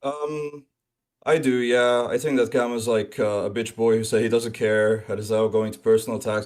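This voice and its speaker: A man's voice: mid-range voice, level tone, moderate pace, darkish tone. Dismissive man trading insults on a call. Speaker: debater, YouTuber. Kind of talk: casual online debate.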